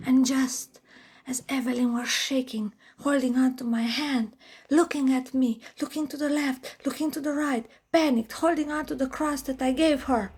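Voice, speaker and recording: A woman telling a spooky story for a vlog, dramatic and often dropping to a hushed whisper. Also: high voice, fairly even intonation, normal speed, breathy edge.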